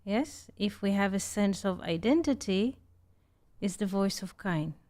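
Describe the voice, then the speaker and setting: Woman teaching slowly on a video call, checks in with "yes?" a lot. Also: medium pitch, expressive, darkish tone. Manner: unhurried, often checks in with "yes?". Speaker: spiritual teacher hosting an online group call.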